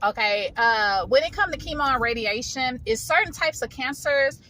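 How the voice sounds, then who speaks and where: A woman's voice: sits high, expressive, moderate pace, bright, forceful tone. A woman, telling a personal story in a casual vlog from her parked car, chatty and informal, talking straight to her viewers. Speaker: vlogger. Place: parked car in a public area.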